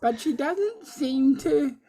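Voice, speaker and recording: A woman's voice: sits high, expressive, slow, dark tone. A woman playing a tabletop game, speaking in character in a casual, earnest way. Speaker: player. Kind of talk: casual in-character role-play.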